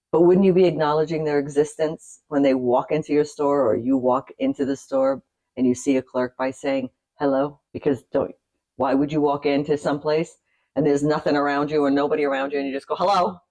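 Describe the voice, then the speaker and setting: A middle-aged vlogger from the United States talks straight to camera in a loose, conversational way. The delivery wanders into asides and little laughs, with a pitch that sits in the middle range. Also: a little mellow, poor audio. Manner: chatty and rambling, with asides and light laughs. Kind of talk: casual talk to camera.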